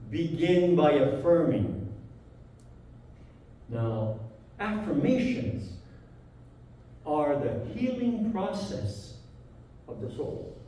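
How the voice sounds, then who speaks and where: Slow French-accented man in echoey hall. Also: on the high side, very animated, mellow. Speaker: guest speaker. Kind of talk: spiritual talk. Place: large church hall. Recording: echoey hall, speaker far from mic.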